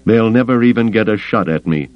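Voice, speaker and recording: A man's voice: fairly low pitch, fairly quick, dry recording, muffled recording, voice pushed up, lightly acted. A man voicing a cornered male traitor, blustering and menacing, in a raised, tense voice. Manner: tense, snarling.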